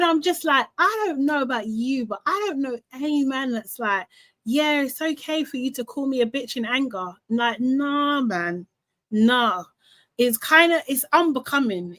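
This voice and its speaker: Woman host, casual live debrief, animated, gossipy retelling, voice sits a little high. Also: no echo. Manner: chatty, animated retelling with swearing. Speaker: reality show recap host.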